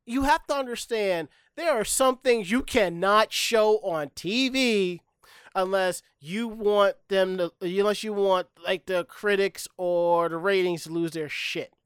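A man's voice: high voice, unhurried, fairly bright tone, clear, resonant tone, no echo, clean studio sound. A man chatting bluntly and profanely as a podcast co-host. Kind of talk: casual chat.

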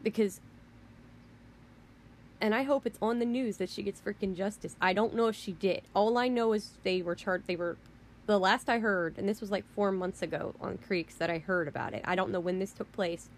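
A woman's voice: medium pitch, normal speed, a little hiss or hum. A woman hosting a podcast, ranting in an indignant, heated way with mild swearing and frequent restarts. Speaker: podcast host. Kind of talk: casual rant.

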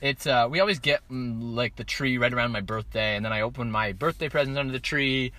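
A teenage man co-hosting a podcast in casual chat, laughing and acting out quotes in high squeals. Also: brisk, sharp tone. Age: teens. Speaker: podcast co-host.

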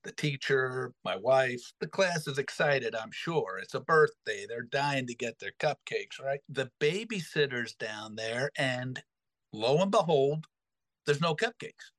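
A man's voice: mid-range voice, unhurried, dry recording, low-quality recording. A middle-aged man casually telling a funny family story on a podcast, acting out the voices of the people in it. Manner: animated, acts out quoted voices.

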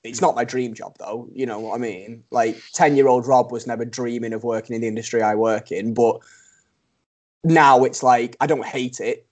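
A man's voice: medium pitch, fairly even intonation, normal speed, darkish tone. A young man, telling a funny story in casual podcast chat, laughing often and mocking himself. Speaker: podcast co-host.

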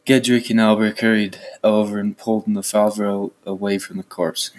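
Low-voiced man reading a novel aloud. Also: little pitch movement, normal speed, darkish tone. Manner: plain, with small stumbles. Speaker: reader.

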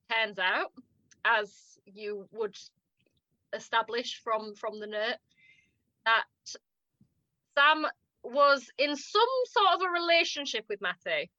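A woman's voice: fairly high pitch, pushed and bright, no echo, lo-fi sound. A woman with a northern English accent, chatting animatedly as a podcast co-host and laughing often. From northern England. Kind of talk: casual chat recapping a TV drama.

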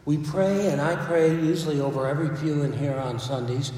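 A man's voice: a little high, fairly even intonation, brisk, warm tone. A man, a priest, giving a sermon in a church in a conversational way, with asides and restarts. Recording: echoey church from far off.

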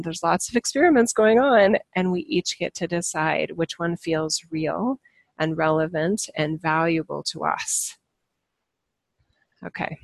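A woman's voice: fairly low pitch, vocal fry, no room sound. Chatty, laughing woman on a dry mic. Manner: animated and chatty, laughing often; earnest and self-reflective. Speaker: spiritual channeler and teacher. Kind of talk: casual spiritual talk to followers.

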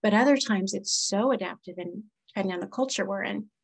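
A woman's voice: mid-range voice, fairly quick, creaky, rough recording. A woman speaking as a therapist in a casual conversation, earnest and reflective. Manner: earnest, reflective, quotes clients in lively voices. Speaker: therapist guest.

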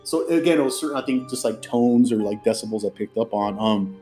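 Man, podcast host, dark mellow tone, chatty storyteller. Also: lowish voice, faint music behind. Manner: chatty storyteller, drops into quick impressions. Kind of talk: casual podcast chat.

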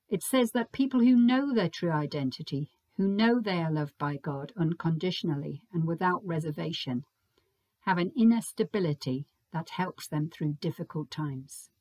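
A woman preaching a Sunday sermon in a measured, gentle and reflective way. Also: low voice, no room sound. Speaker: preacher leading a Sunday service.

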